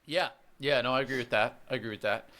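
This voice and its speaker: A man's voice: medium pitch, quick pace, pushed and bright. A man co-hosting a podcast, talking bluntly and casually about a reality show, often repeating words. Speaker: podcast co-host. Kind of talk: casual recap chat.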